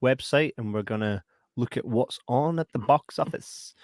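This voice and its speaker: A man with a Scottish accent co-hosting a podcast in casual chat, playful and quick to laugh. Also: mid-range voice, no echo, studio quality. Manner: playful, laughs often, lively banter. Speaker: podcast co-host.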